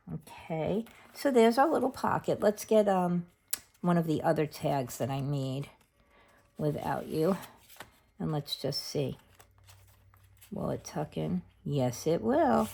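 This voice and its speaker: A woman's voice: sits low, darkish tone. A middle-aged woman hosting a craft tutorial, chatting casually and thinking aloud as she works at her craft table. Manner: chatty, unhurried, thinks aloud while working. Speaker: craft channel host.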